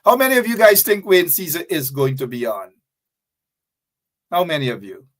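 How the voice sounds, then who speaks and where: A man's voice: on the high side, very animated, normal speed. A man with a Guyanese accent hosting a live talk show, preachy and repetitive, calling out his viewers by name. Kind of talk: impassioned live-stream commentary.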